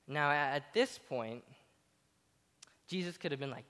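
A man's voice: very high voice, normal speed, fairly bright tone. A young man giving a casual sermon, stumbling through many fillers and restarts as he retells scripture with jokes. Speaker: speaker giving a Bible talk. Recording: long hall reverb.

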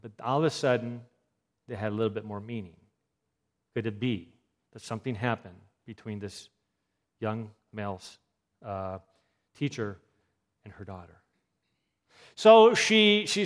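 A man giving a health talk, telling a story about a mother and acting out what people said. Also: mid-range voice. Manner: animated storyteller acting out quoted voices.

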